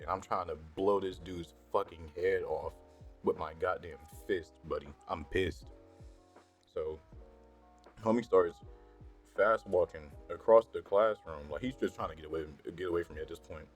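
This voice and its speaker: Deep-voiced young man telling a story. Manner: profane, slangy, animated when worked up. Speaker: storytime vlogger. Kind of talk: casual storytelling. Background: faint background music.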